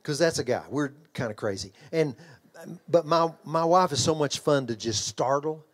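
A middle-aged man preaching a sermon in a church, with an altar call and an animated story told with yells and laughter. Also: on the high side, normal speed. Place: church hall.

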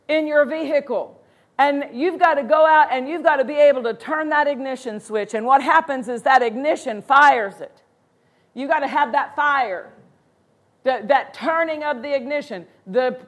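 A woman pastor delivers a sermon in a bright, high voice. She speaks with emphasis, drawing out the scripture quotes slowly. Now and then she bursts into animated excitement.

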